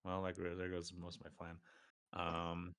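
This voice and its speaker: A man with a very low voice talks through his character's moves at a tabletop game. He speaks casually and haltingly, pausing and restarting as he plans. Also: monotone, a bit bright, clean tone. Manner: casual, halting, describes actions. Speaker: player. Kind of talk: tabletop role-play chat.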